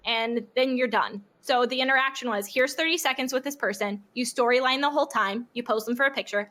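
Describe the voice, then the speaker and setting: A young woman guesting on a podcast, telling animated, casual stories, acting out what people said and swearing freely. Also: fairly high pitch. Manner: animated storyteller who acts out quotes and swears freely. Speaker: guest streamer. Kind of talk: casual podcast interview chat.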